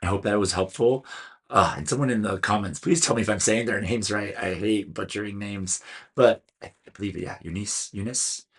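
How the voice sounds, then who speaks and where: Speaking at a moderate pace in a lowish voice, a Californian American man chats earnestly through a casual solo film review, occasionally fumbling names. There's a little hiss or hum on the recording.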